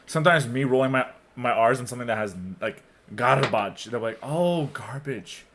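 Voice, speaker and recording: A man's voice: medium pitch, fast talker, fairly bright tone, a little hiss or hum. A man on a casual podcast, talking frankly and rambling with lots of filler words. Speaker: podcast co-host.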